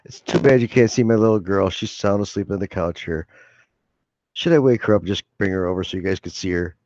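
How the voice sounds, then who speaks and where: A man's voice: deep voice, brisk, a little mellow, dry recording. A man hosting a casual late-night livestream from home, rambling, joking and laughing often. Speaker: livestream host. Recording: dull dry home mic.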